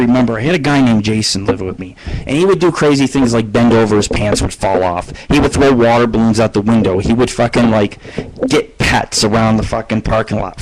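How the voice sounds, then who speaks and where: A man's voice: lowish voice, rough recording. A man hosting his own internet radio show, telling rambling stories with lots of swearing. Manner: profane, rambling, storytelling. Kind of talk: casual rambling monologue.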